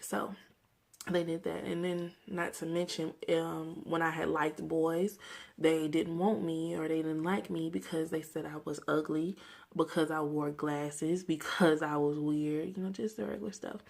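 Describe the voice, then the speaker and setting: A woman's voice: sits low, fairly even intonation, unhurried, vocal fry, a little mellow. A woman in her twenties from Mississippi, talking earnestly and reflectively to camera in a personal vlog rant. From Mississippi, USA. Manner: earnest, reflective, talks through memories candidly. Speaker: vlogger.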